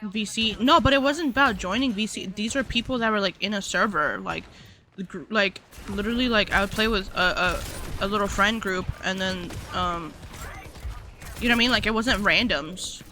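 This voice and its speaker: A woman's voice: mid-range voice, lively intonation, moderate pace, sharp tone, slight background noise. A young woman streamer chatting casually, filling her talk with "like" and swearing freely. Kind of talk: casual livestream chat.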